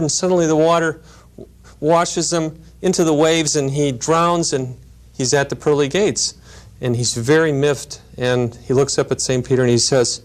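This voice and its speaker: A man lecturing in a measured, explanatory way, with storytelling asides. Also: medium pitch, steady tone. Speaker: lecturer on grief and helping work. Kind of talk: recorded teaching lecture.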